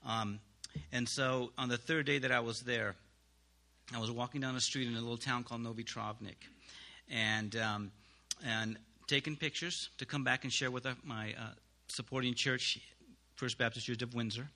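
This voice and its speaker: A man, a missionary, giving an earnest spoken testimony to a congregation, halting with pauses and restarts. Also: medium pitch, fairly even intonation, gravelly, sharp tone.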